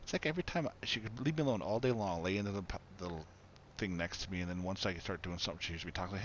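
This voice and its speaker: This low-voiced man races along with few pauses while chatting through a farming game stream, rambling and laughing frequently. His lo-fi stream mic sounds dull and carries a faint noise.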